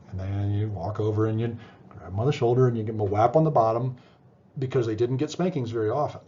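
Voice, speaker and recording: Middle-aged man lecturing, mellow dull recording. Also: fairly low pitch, fast talker. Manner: conversational, many fillers and restarts, asks "right?". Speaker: psychology lecturer. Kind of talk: casual classroom lecture.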